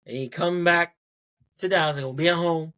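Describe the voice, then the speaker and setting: A man's voice: a little high, steady tone, fast talker, a bit bright, smooth. A man hosting his own podcast in a casual solo rant, blunt and profane, repeating points for emphasis. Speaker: podcast host.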